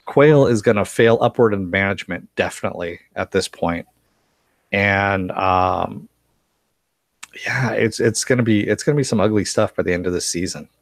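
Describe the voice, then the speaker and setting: This live-stream host reviewing a TV series has a fairly low voice and talks at a moderate pace, with no room sound. He reads out chat comments and rambles loosely, laughing often and packing in fillers and false starts.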